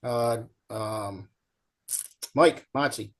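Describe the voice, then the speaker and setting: Speaking very slowly at a medium pitch, a middle-aged man tells folksy stories as a guest in casual conversation on a show. He animates the people in them, acting out a shouting coach.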